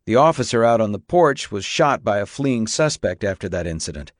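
Male reader as federal agent, guarded, measured, official, low dry voice. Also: sing-song, dry recording.

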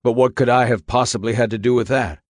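A man's voice: medium pitch, steady tone, fast, no echo, studio quality, lightly acted. A man playing an accused father who insists on his innocence in an earnest, pleading way. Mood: protesting. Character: accused middle-aged father, earnest and indignant.

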